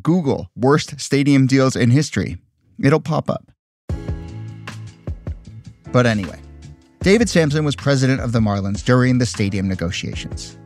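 A man's voice: medium pitch, a little mellow. A man hosting a podcast, narrating in a wry, conversational and skeptical way. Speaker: podcast host. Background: faint music.

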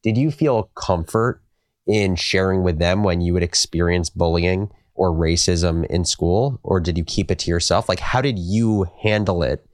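A man hosting an interview, asking questions and reading scripted narration in a measured, earnest way. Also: low voice, dry recording, studio quality. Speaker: podcast host and interviewer.

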